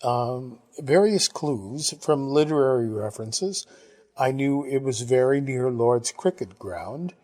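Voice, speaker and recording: A man reading a novel aloud, narrating in the first person at a measured pace. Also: mid-range voice, expressive, darkish tone. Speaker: audiobook reader.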